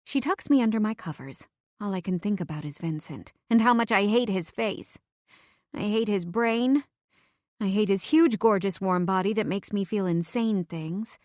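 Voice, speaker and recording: A woman's voice: a little high, moderate pace, darkish tone, no echo. Dry, close emotive female audiobook narrator. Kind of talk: first-person audiobook narration.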